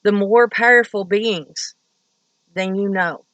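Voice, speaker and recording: Woman, from Kentucky, blunt profane storyteller, bright tone. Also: mid-range voice, slow, dry recording, rough recording. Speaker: vlogger. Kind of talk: casual storytelling.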